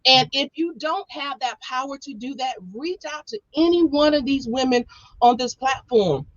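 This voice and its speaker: A woman panel speaker gives direct, encouraging motivational remarks over a video call. Her fairly high voice comes through slightly muffled. The sound is close and dry. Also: normal speed, no room sound.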